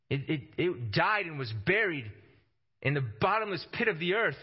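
A man preaching a sermon with passion, climbing to emphatic high peaks and dropping low for stress, often repeating words as he starts a phrase. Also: highs cut off.

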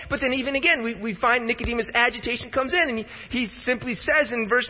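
A man's voice: very high voice, fairly even intonation, fast, hardly any pauses. A man preaching a sermon, emphatic and repeating words as he starts his thoughts. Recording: reverberant hall, dull lo-fi sound.

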